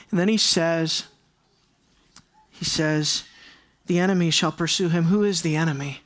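A man's voice: high voice, fairly bright tone. A man preaching a sermon in an earnest way, often repeating key phrases for emphasis. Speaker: pastor.

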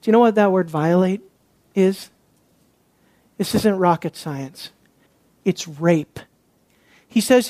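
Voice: mid-range voice, slow pace, long pauses, no echo. Impassioned preacher with a dry close sound. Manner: emphatic, with rhetorical questions and hushed asides. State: worked up. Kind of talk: expository sermon.

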